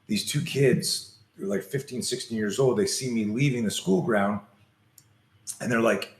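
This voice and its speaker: Animated man telling a story. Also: medium pitch, a little slow, reverberant. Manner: animated storyteller acting out scenes and screams. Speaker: self-defense coach. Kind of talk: storytelling in an interview.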